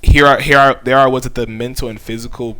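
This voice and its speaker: A young man at an everyday middle pitch shares a personal faith testimony with his viewers. He sounds earnest and heartfelt, and his talk stays loose and conversational, full of casual fillers. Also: fairly even intonation, quick pace, pushed and bright, smooth. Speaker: YouTuber sharing his faith.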